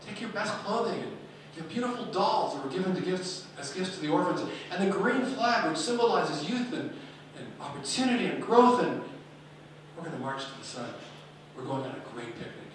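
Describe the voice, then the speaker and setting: A gentle older doctor, as a man puts him on, coaxing children along in a lively, earnest voice. The sound is distant and very roomy, with faint noise behind. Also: high voice, moderate pace, voice pushed up. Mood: soothing. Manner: soothing, earnest speech to children. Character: gentle older male doctor caring for orphans. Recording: echoey hall, speaker far from mic.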